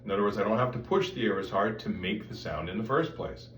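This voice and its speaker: A man's voice: lowish voice, quick pace. A man giving a voice lesson, explaining step by step and breaking off to demonstrate vocal sounds. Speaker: voice teacher. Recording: roomy sound, mic at a distance, faint background noise.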